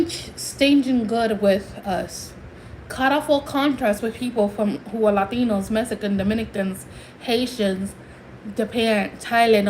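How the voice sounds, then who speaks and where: A woman's voice: fairly high pitch, a little hiss or hum, rough recording. A woman from Puerto Rico ranting emphatically in a casual livestream, switching between English and Spanish.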